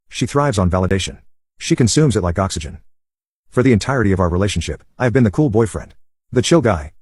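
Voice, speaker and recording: A man's voice: on the low side, darkish tone, breathy edge, no room sound, studio quality. A man narrating an online story in a wry, sardonic scripted tone.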